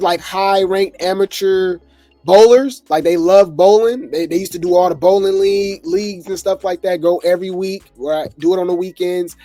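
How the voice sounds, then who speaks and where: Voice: mid-range voice, warm tone, no echo. A host rambling casually through reality TV gossip commentary, chuckling often and full of fillers.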